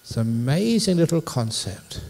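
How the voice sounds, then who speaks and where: A man's voice: a little high, very animated, normal speed, vocal fry, darkish tone. A man, a Buddhist monk, giving a public dharma talk in a university hall, a playful storyteller who jokes with his audience.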